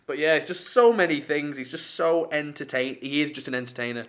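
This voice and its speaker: A man's voice: a little high, a little fast, a bit bright. A man, co-hosting a podcast, enthusiastically running through facts with plenty of fillers. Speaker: podcast co-host. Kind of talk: casual chat.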